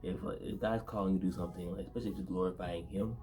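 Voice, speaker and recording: A man co-hosting a casual faith conversation, halting and full of fillers, with a stutter. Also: low-pitched, steady tone. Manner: halting, many fillers, laughs easily. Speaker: podcast co-host.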